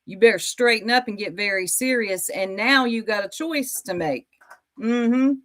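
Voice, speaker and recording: A woman's voice: medium pitch, moderate pace, fairly bright tone. A woman hosting reaction commentary, mocking a clip and talking straight to her viewers with sass. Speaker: YouTube commentary host.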